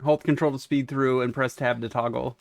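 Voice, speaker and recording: A man's voice: medium pitch, fairly even intonation, fairly quick, gravelly, dry recording. A man streaming a story game, casually reading its dialogue aloud and chuckling between lines. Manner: reads game text aloud, chuckles often. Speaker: let's-play streamer. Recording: dry close mic, faint game music.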